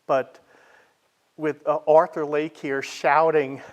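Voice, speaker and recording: A man with a slightly raised voice leads an informal history talk. He is conversational and easygoing, pausing on fillers and adding remarks as he moves through his material. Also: fairly high pitch, flat delivery. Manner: chatty, with frequent "uh" fillers and asides. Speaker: library history presenter.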